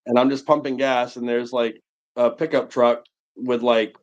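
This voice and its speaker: A man's voice: mid-range voice, normal speed. A man in his forties from New England, telling a long casual anecdote full of fillers on a livestream. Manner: rambling, animated anecdote telling with many fillers. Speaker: livestream host. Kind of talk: casual storytelling chat. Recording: muffled lo-fi stream audio.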